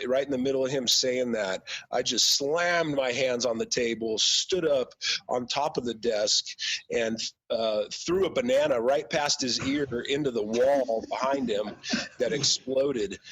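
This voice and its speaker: A husky-voiced man recounts a story in an animated, casual way, with a curse or a laugh now and then. The podcast audio is dry and a little dull, like a cheap recording. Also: mid-range voice, a little slow, no echo. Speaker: podcast guest, former pro football player.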